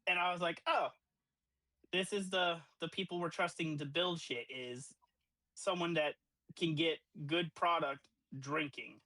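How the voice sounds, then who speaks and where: A young man in his twenties, co-hosting a podcast and telling a profane, animated party story with acted-out quotes. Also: fairly high pitch, unhurried, no echo, rough recording. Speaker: podcast co-host. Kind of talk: casual storytelling.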